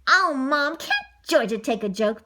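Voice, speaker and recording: A woman's voice: high voice, expressive, unhurried, pushed and bright, a little hiss or hum, full character voice. A woman voicing a bratty young boy who grumbles and talks back sarcastically. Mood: whiny.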